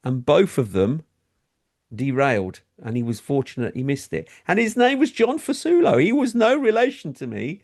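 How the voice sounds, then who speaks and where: A middle-aged Englishman co-hosting a talk show tells a story in casual chat, putting on high voices when quoting people. His pitch swings widely, his pace is moderate, and his tone is darkish.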